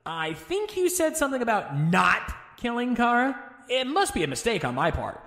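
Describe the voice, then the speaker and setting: A man's voice: very high-pitched, sing-song, moderate pace, sharp tone, heavily acted. A man voicing a sarcastic, threatening comic character in a fan dub, mock-polite. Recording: echoey reverberant room.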